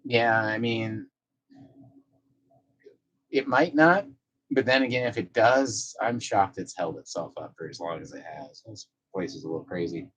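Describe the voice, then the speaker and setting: A man's voice: fairly low pitch, unhurried, long pauses, a bit bright, breathy edge, low-quality recording. A man on a casual live stream, reading viewer messages aloud and talking to his cat in a loose, profane way. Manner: chats to his cat between comments.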